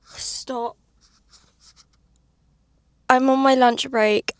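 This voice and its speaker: This woman's voice sits high, with a steady tone, drawn-out words, and a clean, dry recording. She's a book vlogger filming a casual reading-reaction vlog at work during her lunch break, talking chattily and emotionally with frequent exclamations.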